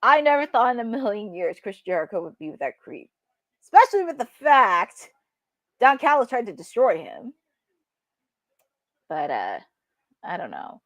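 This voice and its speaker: A woman hosting a live watch-along, chatting excitably and laughing often as she reacts to the action. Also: medium pitch, moderate pace, long pauses, no echo. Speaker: host.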